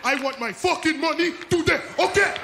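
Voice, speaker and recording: An outraged Haitian man, played by a comedian, yelling and repeating his insults in a Haitian accent. His voice rides very high. A rowdy crowd and club noise fill the room. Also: brisk, vocal fry. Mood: furious. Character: furious Haitian man demanding his money.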